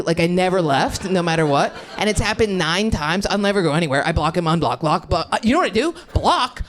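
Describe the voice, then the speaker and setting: A woman's voice: fairly low pitch, animated, fairly quick, few pauses. A young woman doing an improvised stand-up set, brash and rambling, laughing through her punchlines. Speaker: stand-up comedian.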